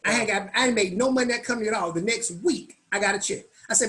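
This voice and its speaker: A man speaking as a guest at a business meetup, telling stories in a lively, colloquial way and acting out the voices of the people in them. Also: high-pitched, fast talker, rough recording. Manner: animated, colloquial, acts out quoted voices. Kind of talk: storytelling in a business meetup talk.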